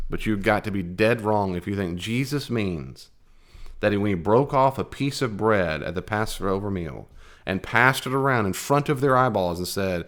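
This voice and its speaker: A man's voice: fairly low pitch, moderate pace, a bit bright. A man teaching a Bible lesson in a conversational, digressive way, with emphatic asides.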